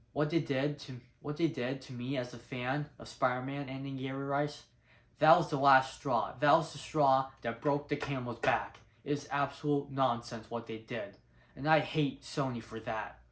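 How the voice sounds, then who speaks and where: A young man talking casually in a fan vlog, rambling and earnest, often restarting his sentences. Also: medium pitch. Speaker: vlogger.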